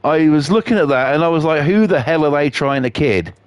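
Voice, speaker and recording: A man's voice: a little high, expressive, a little fast, smooth, dry recording. Sweary man rambling on stream. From England. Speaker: game streamer. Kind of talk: casual chat on a live stream.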